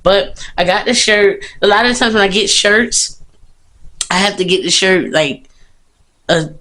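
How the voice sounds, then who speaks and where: A young woman vlogs casually into a phone held at arm's length, moving between a bathroom and a hotel indoors. She's chatty, self-mocking and rambling, laughing often in a medium-pitched, pushed, bright voice at a measured pace.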